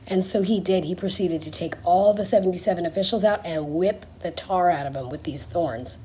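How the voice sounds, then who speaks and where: A woman's voice: lowish voice, fairly quick, dark tone, breathy edge. Chatty woman retelling a Bible story. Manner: slangy and chatty, dropping to a whisper for asides.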